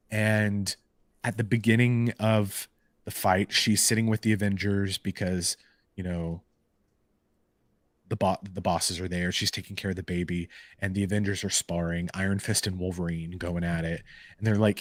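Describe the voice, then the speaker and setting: A man co-hosting a podcast, casually retelling comic book stories in an animated way with lots of "like" and "um". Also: sits low, no echo. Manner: animated storytelling full of "like" and "um" fillers. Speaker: podcast co-host. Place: live podcast recording.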